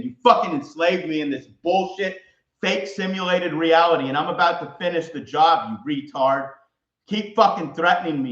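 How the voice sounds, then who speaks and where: Man, angry solo rant, shouting and hostile, roomy echo, muffled lo-fi sound. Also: a little high. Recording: roomy, dull lo-fi audio.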